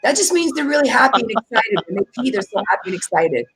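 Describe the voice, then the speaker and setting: A woman's voice: a little high, big pitch swings, quick pace, a bit bright, slightly rough, faint music behind. A woman hosting a casual livestream, chatting to viewers in an emphatic, ranting way and laughing as she talks. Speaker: livestream host.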